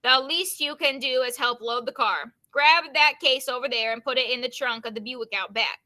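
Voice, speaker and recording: A friendly male saxophone player, easygoing and a little bossy, as a woman reads him aloud. The voice is high and bright, heard over a video call. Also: moderate pace.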